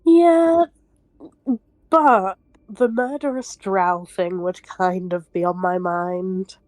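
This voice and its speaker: A woman's voice: fairly low pitch, slow pace, darkish tone, no room sound. A woman playing a tabletop game, hesitant, laughing often and trailing off. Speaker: player.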